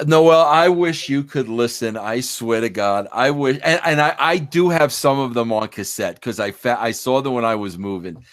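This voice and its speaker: A middle-aged man chatting as a podcast guest, telling stories excitedly and calling everyone "bro". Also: mid-range voice, normal speed, hardly any pauses. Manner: excitable, storytelling, says "bro" often. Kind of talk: casual podcast chat.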